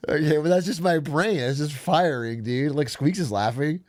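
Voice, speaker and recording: A man streaming live, reacting with fast, self-mocking chatter. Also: fairly high pitch, a little mellow.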